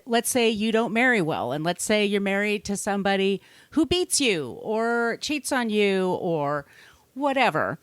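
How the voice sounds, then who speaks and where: A woman's voice: mid-range voice, expressive, a little slow, dry recording. Chatty woman telling a true-crime story. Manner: chatty, swears freely, laughs often. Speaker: podcast host.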